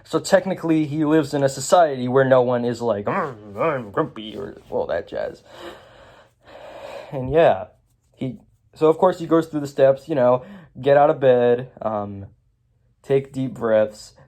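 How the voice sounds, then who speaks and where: A man's voice: medium pitch, unhurried, long pauses, warm tone. A man recapping a film in a casual review. He rambles, with lots of fillers, restarts and chuckles.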